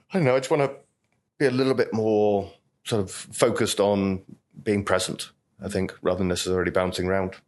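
Middle-aged bartender guest, rambling anecdotal storyteller, slightly low voice. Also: male voice. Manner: chatty, anecdotal, lots of "you know". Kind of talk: storytelling interview talk.

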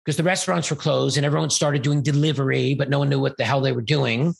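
A man, an event organizer and interview guest, telling a rambling, animated story and acting out quoted dialogue. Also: medium pitch, quick pace, gravelly, slightly rough. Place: Los Angeles.

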